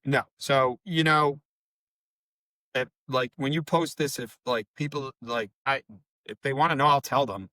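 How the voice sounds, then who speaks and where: A man's voice: a little high, a little slow, a bit bright, no room sound. A middle-aged man, a bereaved father, telling stories in an emotional interview; he talks in a rambling, heated, profane way. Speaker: bereaved father and podcast guest.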